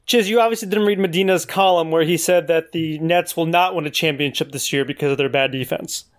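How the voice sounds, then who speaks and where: A man's voice: a little high, fairly quick. A man co-hosting a sports talk show, assertively laying out odds and arguments. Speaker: co-host. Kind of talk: casual sports debate.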